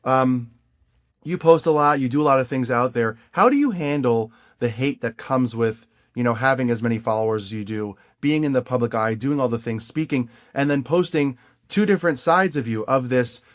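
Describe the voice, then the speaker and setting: A man hosting a podcast interview, talking in a warmly encouraging and playful way, often repeating phrases. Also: medium pitch, moderate pace. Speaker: podcast host. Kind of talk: casual interview chat.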